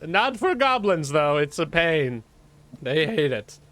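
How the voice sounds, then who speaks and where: A man voicing a vain, self-important female creature in a tabletop game, speaking in a pompous, drawn-out, condescending way. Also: fairly high pitch, very animated, crowd noise. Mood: haughty.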